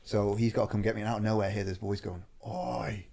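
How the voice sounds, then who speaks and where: A man's voice: lowish voice, little pitch movement, racing, darkish tone. A man hosting a podcast, telling an anecdote in casual slang and swearing freely. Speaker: podcast host. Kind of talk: casual chat, storytelling.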